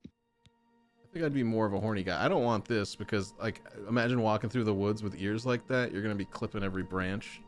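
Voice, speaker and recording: A man giving casual gameplay commentary as a streamer, chatty and breaking into excited oohs as he browses options. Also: lowish voice, brisk, faint music behind. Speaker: gaming streamer.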